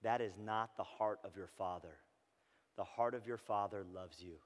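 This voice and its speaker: A man's voice: on the low side, normal speed. Man preaching a sermon with a long echo. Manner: swings from loud impassioned reading to soft near-whispered intimacy. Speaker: pastor. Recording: long hall reverb.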